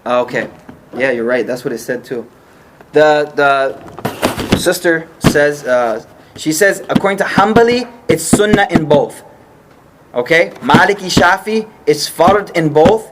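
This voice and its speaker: A man's voice: fairly high pitch, expressive, measured pace, heavy background noise. A man teaching an informal religious study class, explaining patiently and checking often that the group follows.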